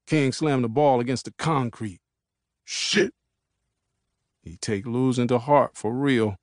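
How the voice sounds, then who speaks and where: A man's voice: medium pitch, normal speed, a little mellow, dry recording, studio quality. A man narrating an audiobook in the first person, in a laid-back, casual street vernacular.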